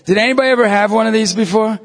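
A lay minister, a middle-aged man from New York State, delivers a playful, lively talk to a live audience, slipping into character voices as he goes. He speaks in a high voice and very fast, recorded with long hall reverb.

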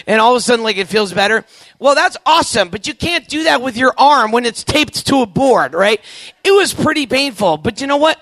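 A man in his forties telling a funny story to a youth camp crowd, animated and acting out the voices, with quick asides to the audience. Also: very high-pitched, no room sound. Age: 40s. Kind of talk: comedic storytelling to a live audience.

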